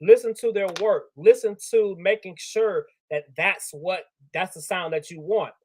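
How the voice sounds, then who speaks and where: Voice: medium pitch, unhurried. A panel guest making points earnestly and emphatically, repeating key advice. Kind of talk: casual panel chat.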